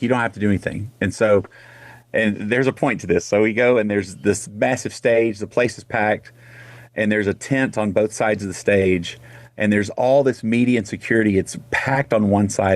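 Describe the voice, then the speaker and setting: A middle-aged man from Texas telling a personal story in a casual radio interview, animated and full of restarts. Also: lowish voice, normal speed, no echo. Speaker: guest singer.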